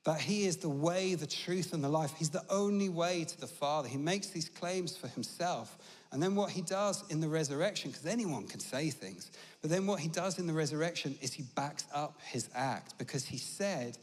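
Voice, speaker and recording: British male preacher, fairly high voice, chatty storyteller, long church reverb. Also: expressive, moderate pace. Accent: British English. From Britain. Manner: chatty storytelling, humorous asides. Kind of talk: conversational sermon.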